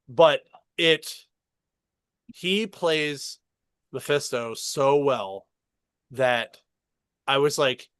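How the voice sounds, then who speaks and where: A man co-hosting a casual podcast, excitedly retelling a show and acting out its dialogue, with frequent swearing. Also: medium pitch, dry recording. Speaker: podcast co-host.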